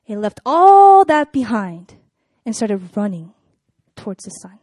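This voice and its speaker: A young woman speaking to a live audience in a casual sermon style, chatty and animated, with lots of "like" and "you know.". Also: a little high, a little slow, dry recording. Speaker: speaker at a church gathering.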